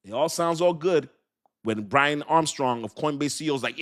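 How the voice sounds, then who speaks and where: A man's voice: fairly high pitch, moderate pace, a bit bright. A man hosting a live crypto commentary stream, talking emphatically and repeating his points to the viewers. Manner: emphatic, repetitive, talks straight to the viewers. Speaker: crypto channel host.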